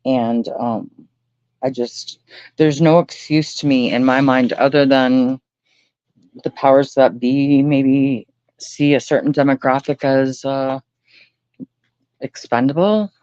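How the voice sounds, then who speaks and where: A man's voice: mid-range voice, steady tone, slow pace, long pauses, a little mellow, clean tone, no echo, muffled recording. A man hosting a late-night livestream, talking earnestly and rambling, often swearing. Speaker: livestream host.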